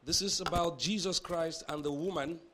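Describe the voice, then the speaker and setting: A man with a Nigerian accent, preaching a sermon and reading scripture in a measured, emphatic way. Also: fairly high pitch, fairly even intonation, a bit bright, slight background noise. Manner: measured, with emphatic drawn-out phrases. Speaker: pastor.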